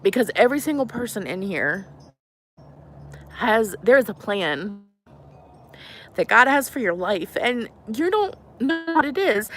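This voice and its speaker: A woman's voice: a little high, very animated, a little slow, pauses often, fairly bright tone, slight background noise. A woman in her thirties hosting a heartfelt live stream about faith, talking earnestly and rambling a little, with lots of "like" and "you know" as she answers viewers. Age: 30s. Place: on a porch at home.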